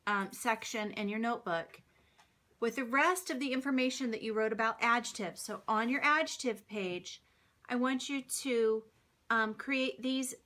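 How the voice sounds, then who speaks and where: A woman teaches a grammar lesson to her children at home, walking them through examples and checking that they follow along. Her voice is bright and a little high. She sits some way off the mic, and faint noise runs underneath. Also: distant mic. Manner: patient, explains with examples and checks with "right?". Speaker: homeschool teacher.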